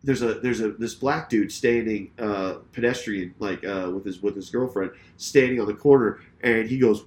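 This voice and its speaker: This podcast co-host has a medium-pitched voice and speaks at an even, moderate speed. Chatting casually, he recounts a road-rage incident, cursing liberally and voicing each person's lines in an energetic, foul-mouthed performance.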